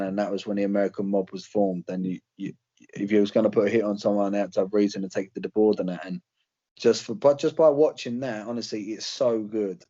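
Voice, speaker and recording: A man's voice: lowish voice, dark tone, highs cut off. A young British man, a fighter, chatting casually in an interview, rambling with slang and fillers. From Britain. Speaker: UFC fighter guest.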